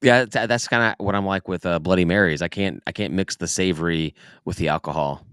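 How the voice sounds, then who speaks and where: A man with a Southern US accent talks loosely on a podcast, often stumbling and repeating himself before he finds the word. His voice sits low and sounds smooth and clean. The recording is close and dry. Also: a little fast, a bit bright, no echo. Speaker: podcast host. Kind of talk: casual chat.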